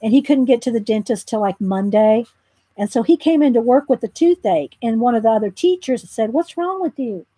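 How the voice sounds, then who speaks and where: High-voiced woman chatting while drawing. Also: brisk, dark tone, slightly rough, no echo. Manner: rambling storyteller with frequent ums and restarts. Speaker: art tutorial host. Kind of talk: casual chat while drawing.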